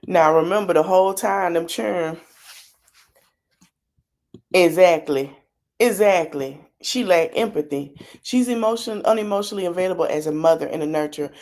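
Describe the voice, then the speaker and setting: A woman's voice: fairly low pitch, normal speed, darkish tone. A woman hosting a live podcast stream, reacting to a video with blunt, sassy, mocking commentary full of slang. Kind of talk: livestream commentary.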